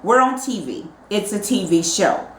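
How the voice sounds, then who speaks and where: Emphatic middle-aged mom in an echoey room. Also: female voice, medium pitch, big pitch swings, moderate pace, fairly bright tone. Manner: emphatic, opinionated. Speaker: co-host, mother. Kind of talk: casual TV recap chat.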